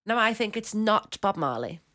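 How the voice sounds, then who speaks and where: A woman's voice: medium pitch, very animated, moderate pace, pushed and bright. A woman on a casual podcast, giggling and musing aloud over quiz answers. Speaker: podcast co-host and quiz contestant. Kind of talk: casual chat.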